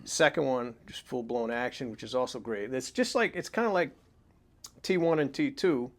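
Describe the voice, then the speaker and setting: A man's voice: medium pitch, normal speed. Rambling man chatting about movies. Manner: rambling, restarts often, says "you know" a lot. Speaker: film review co-host. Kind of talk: casual movie review chat.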